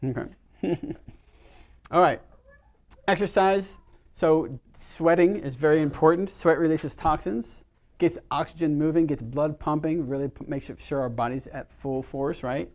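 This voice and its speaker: A man's voice: fairly high pitch, measured pace. A middle-aged man, a chiropractor, giving a casual workshop talk to a small group, telling stories and asking the audience questions. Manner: chatty, storytelling, asks the audience questions.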